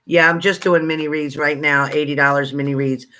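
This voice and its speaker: A man hosting a casual livestream, chatting with viewers and greeting them by name, excitable and exclamatory. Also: on the high side, fairly quick. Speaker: livestream psychic reader. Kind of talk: casual live chat with viewers.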